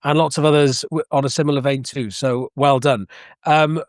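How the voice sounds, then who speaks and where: A man hosting a casual football podcast, brisk and jokey as he moves the show along. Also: medium pitch, fairly even intonation, no room sound, studio quality. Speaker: podcast host. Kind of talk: casual chat.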